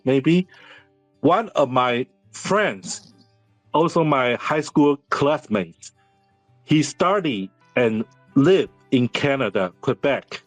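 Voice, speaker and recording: A man in his fifties whose first language is Mandarin, a series director telling personal stories in halting English with many restarts. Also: mid-range voice, no room sound. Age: 50s. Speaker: series director, interview guest. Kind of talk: candid interview storytelling.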